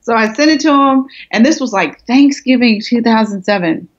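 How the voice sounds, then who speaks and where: Animated high-voiced woman telling stories. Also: moderate pace. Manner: animated storyteller acting out quotes. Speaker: guest, small business expert. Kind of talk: casual storytelling interview. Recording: muffled lo-fi audio.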